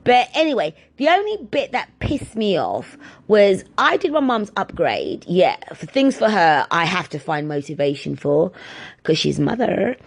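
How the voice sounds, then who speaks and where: A woman vlogging, telling everyday stories in a chatty, exasperated way and swearing freely. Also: medium pitch. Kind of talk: casual ranting storytime.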